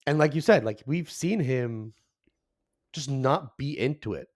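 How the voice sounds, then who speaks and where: In studio-quality audio with no room sound, a man co-hosts a podcast in a medium-pitched, slightly mellow voice. He speaks unhurriedly with lively intonation, chatting casually, joking and using lots of fillers.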